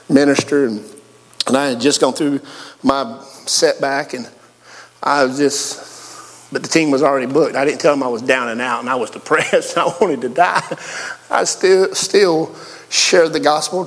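A man with a Southern accent preaching a sermon in a folksy way, telling personal stories and swinging from quiet talk up to high, excited lines. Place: church. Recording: long reverb of a large hall.

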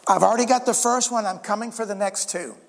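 A man's voice: high voice, fast, gravelly. A man voicing a mocking, boastful male devil who threatens a mother. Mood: taunting. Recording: reverberant hall.

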